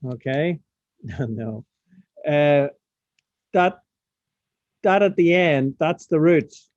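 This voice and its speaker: A man's voice: on the high side, expressive, very slow, darkish tone, no room sound. A man teaching a science practical over a video call, casual, asking the class questions as he demonstrates. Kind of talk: online science lesson. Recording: dull lo-fi sound, dry.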